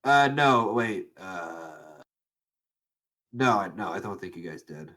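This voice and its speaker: A young man with a low, somewhat bright voice co-hosts a casual podcast, speaking slowly yet animatedly. He rambles, restarts his sentences, and laughs a lot while talking.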